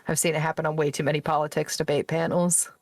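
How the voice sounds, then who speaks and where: A woman's voice: deep voice, level tone, quick pace, no room sound. A woman co-hosting a casual live-stream chat, talking loosely with many fillers and frequent laughs. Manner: chatty, filler-heavy, laughs often.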